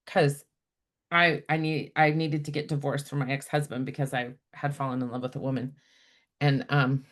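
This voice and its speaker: A woman podcast host in casual chat, telling stories in an animated, quick way. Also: a bass voice. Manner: animated storyteller, quick, many fillers.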